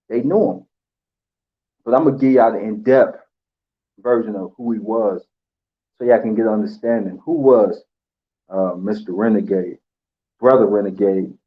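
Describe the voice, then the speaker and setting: Man, emotional, halting speech with fillers, fairly low voice, dull lo-fi sound. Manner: halting, many pauses and fillers. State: emotional, holding back tears. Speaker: channel host. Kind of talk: emotional tribute monologue.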